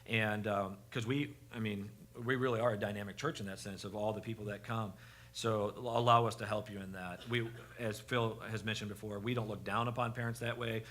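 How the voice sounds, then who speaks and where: Halting, self-deprecating man on a church panel. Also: fairly low pitch, fairly even intonation, fairly bright tone. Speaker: pastor on a parenting panel.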